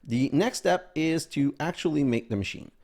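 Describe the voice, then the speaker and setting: A man's voice: a little high, normal speed, vocal fry, a little mellow, a little hiss or hum. A man hosting a gaming video, casually commenting as he plays and thinking aloud, sometimes counting items under his breath.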